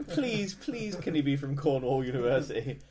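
A man's voice: medium pitch, very animated, moderate pace, a crowd in the background. A man playing a tabletop game, joking, teasing and laughing a lot. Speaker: player. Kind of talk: casual chat at a gaming table.

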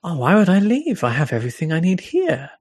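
A game master voicing an eerie, welcoming woman who runs an abandoned park, speaking softly and persuasively in a tabletop role-play. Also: medium pitch, wildly swooping pitch, brisk, breathy edge, no echo, studio quality, voice pushed up. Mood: gently evasive. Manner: soft, smiling, gently persuasive.

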